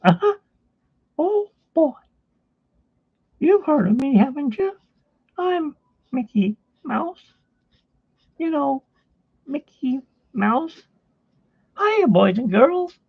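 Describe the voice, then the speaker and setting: A cheerful cartoon mouse in a squeaky falsetto, chirpy and eager to please. The sound is tinny and phone-like and dry. Under the squeak the voice keeps a husky, gravelly edge. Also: male voice, sing-song, extremely slow, long pauses, dry recording, heavily acted.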